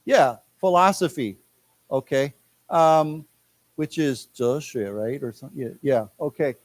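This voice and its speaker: A man with an American accent teaching a live English class, chatting loosely with many restarts and saying words slowly for the class to repeat. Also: medium pitch, no echo. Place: lecture room.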